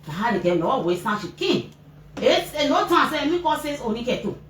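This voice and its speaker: A Liberian woman recounts events to reporters in an animated way, her fairly high voice leaping as she acts out what others said. She sits back from the microphone in a roomy, echoing space with faint noise behind. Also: moderate pace. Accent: Liberian English. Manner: animated storytelling, acting out shouted quotes, pitch leaping up and down. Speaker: mother giving a press interview. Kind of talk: emotional personal account to reporters. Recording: roomy, distant mic with faint background noise.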